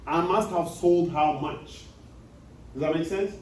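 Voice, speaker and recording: A man's voice: on the high side, unhurried, darkish tone. A man giving an accounting lecture, repeating key points and often checking that students follow. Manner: repetitive, checks understanding with questions. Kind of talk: classroom lecture. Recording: echoey room, distant mic, faint noise.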